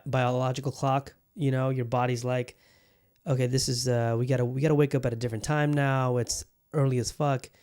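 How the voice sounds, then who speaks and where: A man hosts a podcast in loose, casual chat, rambling, swearing often and restarting himself mid-thought. His voice is mid-range with a darkish tone.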